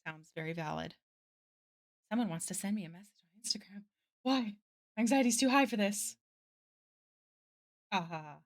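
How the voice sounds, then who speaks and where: A woman's voice: medium pitch, moderate pace, pauses often. A woman streaming her drawing live, chatting casually and answering her chat with lots of "like" fillers. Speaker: art streamer.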